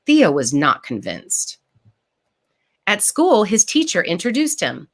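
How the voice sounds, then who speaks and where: Reading her picture book slowly in a mid-range voice, a woman author leads a live storytime over video call. She brings lively expression to the text and breaks off to define words simply for children.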